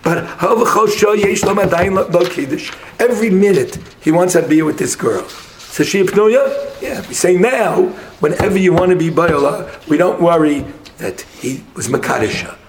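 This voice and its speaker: A man in a casual Talmud study session, arguing a passage quickly and mixing English with Hebrew and Aramaic terms. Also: fairly high pitch, expressive, a little hiss or hum.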